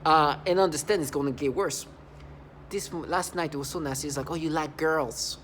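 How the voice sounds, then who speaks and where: A man in his thirties giving a personal testimonial, halting, often repeating and restarting words. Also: a little high, a bit bright, slight background noise. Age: 30s. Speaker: vlogger.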